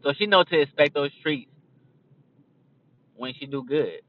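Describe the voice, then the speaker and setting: A man's voice: a little high, expressive, measured pace, distant mic, highs cut off. A young man talking casually as a podcast host, blunt and profane, rambling from a moving car. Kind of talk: casual chat. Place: in a car on a highway.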